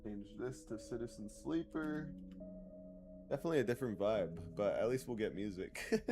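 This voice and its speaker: A man's voice: medium pitch, normal speed, over music. Joking, profane male streamer. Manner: loose, joking and profane, reads chat aloud. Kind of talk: casual live-stream chatter.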